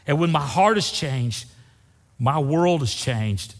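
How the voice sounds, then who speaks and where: A man's voice: medium pitch, sing-song, slow. An older man, a pastor preaching a folksy sermon and asking the congregation questions. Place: church sanctuary. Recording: long hall reverb.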